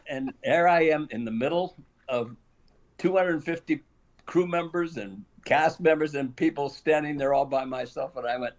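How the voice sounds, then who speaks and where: A man's voice: fairly high pitch, moderate pace. An older man, a guest actor on an interview show, telling a long anecdote with frequent chuckles and acted-out lines. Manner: animated storyteller, chuckles often, acts out quoted lines.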